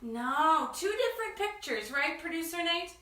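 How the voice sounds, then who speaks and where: A woman's voice: very high-pitched, sing-song, normal speed, pushed and bright, reverberant, far from the mic. A woman hosting a children's story time, talking to kids in a sing-song, enthusiastic teacher way. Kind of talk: children's read-aloud lesson.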